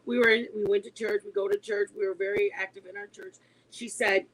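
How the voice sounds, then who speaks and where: A woman in her forties, a mother, telling a story to her online viewers in a casual, animated way. She is emphatic and laughs often as she talks. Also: medium pitch, fairly quick, hardly any pauses, poor audio. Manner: animated and emphatic, insisting she is not lying.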